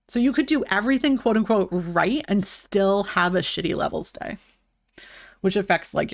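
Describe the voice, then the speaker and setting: A woman live streamer in casual chat with her viewers, talking loosely with lots of "like" and breaking into bright, high greetings. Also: creaky, no echo, studio quality. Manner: chatty, fills with "like", bursts into high greetings.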